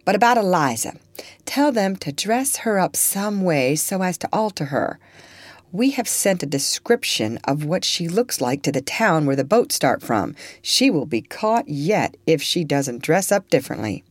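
A woman's voice: lowish voice, big pitch swings, measured pace, no echo. Woman reading as a sulky bedridden man, grumbling, blustering, dry close sound. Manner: blustering, complaining. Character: grumbling sick male slave-catcher, sulky.

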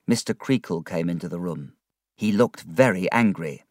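A man narrating a storybook in a slow, clear, expressive reading. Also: deep voice, no echo, clean studio sound. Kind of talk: storybook narration read aloud.

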